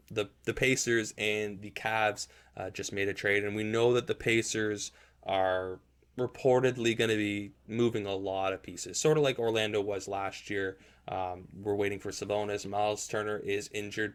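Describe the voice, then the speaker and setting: A man's voice: lowish voice, clean tone. A man hosting a casual basketball podcast, talking in a rambling way with frequent restarts. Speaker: podcast host. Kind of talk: casual sports chat.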